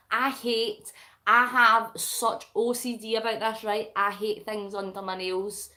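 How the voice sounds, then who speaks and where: A middle-aged Scottish woman hosts a relaxed livestream, chatting and giggling with viewers between bits of crafting. Her voice sits high, and she talks at an unhurried, leisurely pace. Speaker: livestream host. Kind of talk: casual live chat reading comments.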